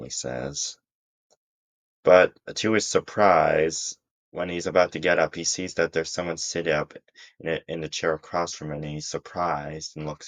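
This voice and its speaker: A man's voice: rumbling low, steady tone, normal speed. A man casually narrating a fan-fiction story in a rambling way, with frequent restarts.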